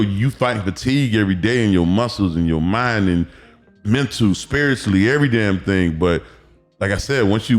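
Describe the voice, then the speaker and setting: Animated storytelling man, low voice. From Miami, Florida. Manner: animated storytelling, acts out quotes, profane. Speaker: guest, former football player. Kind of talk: casual podcast interview.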